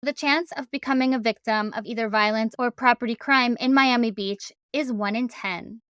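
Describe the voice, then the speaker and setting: Brief: woman host, higher pitch, clear informative delivery, dry sound. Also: moderate pace, a bit bright, no echo. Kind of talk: narration and interviewing.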